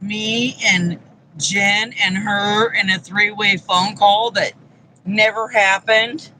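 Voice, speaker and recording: A woman's voice: mid-range voice, fairly even intonation, slow, sharp tone, a little hiss or hum, poor audio. A woman co-hosting a casual chat show, hesitant and repeating her words. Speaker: co-host.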